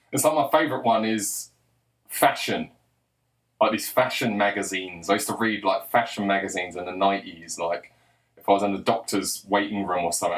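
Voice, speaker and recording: A man in his forties delivering a sarcastic, exasperated commentary rant. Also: on the low side. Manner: sarcastic, exasperated, mocking voices for quotes. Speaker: commentary vlogger. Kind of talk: ranting commentary monologue.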